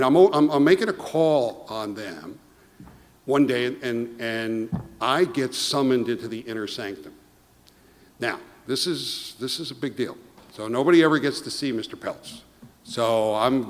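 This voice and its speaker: A middle-aged man giving an award toast, telling a lively anecdote and acting out quoted dialogue. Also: medium pitch. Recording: long hall reverb.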